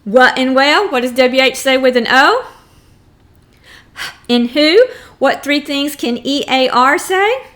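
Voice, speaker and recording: A woman teaching a first grade phonics lesson, sounding out letters and words slowly and clearly for young children. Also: sits high, animated, fairly bright tone. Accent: Texan. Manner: slow, clearly sounded-out drills.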